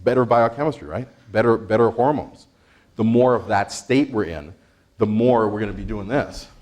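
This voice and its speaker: A man presenting an interactive workshop, energetic, quizzing the audience and laughing often. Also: on the low side, normal speed. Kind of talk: interactive stress-management workshop.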